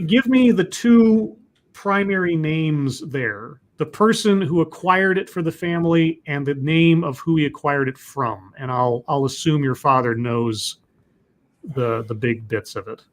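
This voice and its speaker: A man's voice: fairly high pitch, a little slow. Regular guy hosting a live podcast, rambling a lot. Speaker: podcast host reading chat. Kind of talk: casual live-stream chat.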